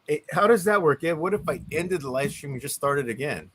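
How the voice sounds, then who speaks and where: A man's voice: fairly high pitch, expressive, brisk, crowd noise. A man hosting a casual live stream chat, joking and teasing his guests, often stammering on word starts.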